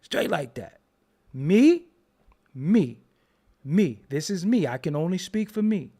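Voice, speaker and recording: A man's voice: high voice, slow pace. A man hosting his own show, talking in a joking, rambling commentary style. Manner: animated, joking, rambling storyteller. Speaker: show host. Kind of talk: casual commentary monologue.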